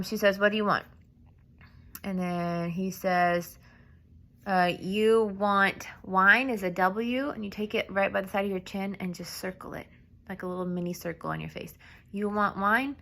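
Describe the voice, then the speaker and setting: A woman's voice: on the low side, steady tone, normal speed, creaky, fairly bright tone. A woman casually explaining how to sign a script, talking informally with many fillers and restarts. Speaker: sign language teacher.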